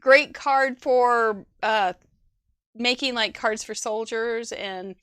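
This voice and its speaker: A woman's voice: a little high, slow, a bit bright, smooth. A woman with a Midwestern American accent hosting a live crafting show, chatting casually, giggling and thinking aloud. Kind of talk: casual live-stream chat.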